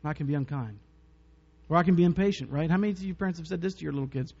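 A man's voice: fairly high pitch, rapid-fire, darkish tone, husky. A man preaching a sermon as a pastor, telling personal stories in a conversational, joking way with frequent chuckles. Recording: long reverb, dull muffled sound.

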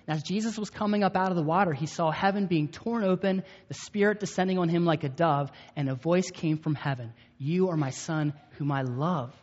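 A man's voice: a little high, brisk, hardly any pauses, darkish tone. Man, pastor, 30s, chatty sermon, muffled lo-fi recording. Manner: conversational, storytelling, checks in with the audience. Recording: echoey hall, dull lo-fi sound.

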